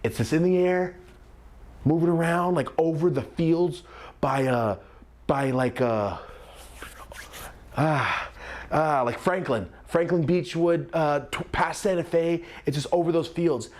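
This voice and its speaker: A young man telling a comedic story time, animated and acting out the voices of the people in it. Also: on the high side, measured pace. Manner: animated, acts out quoted voices.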